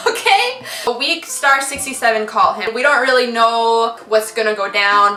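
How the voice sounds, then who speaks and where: Bright, giggly young woman telling a story. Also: mid-range voice, reverberant, distant mic. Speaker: vlogger. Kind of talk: storytime vlog.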